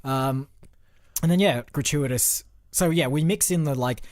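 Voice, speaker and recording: A man's voice: fairly high pitch, measured pace, darkish tone, dry recording, studio quality. A man co-hosting a podcast, rambling through film ideas in casual chat with lots of fillers. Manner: rambling, filler-heavy brainstorming. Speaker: podcast co-host.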